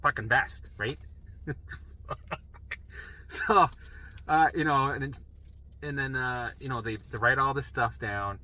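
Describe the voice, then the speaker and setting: Man, very bright tense voice, profane animated storyteller. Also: medium pitch, slow pace, long pauses, rough recording. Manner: profane, animated, frantic retelling. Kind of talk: personal storytelling monologue.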